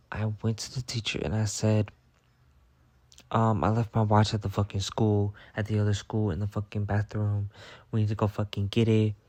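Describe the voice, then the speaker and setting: A young man with a lowish, slightly mellow voice tells gossip stories in a casual, profane, dramatic story-time monologue, full of "I'm like" retellings. There's no echo.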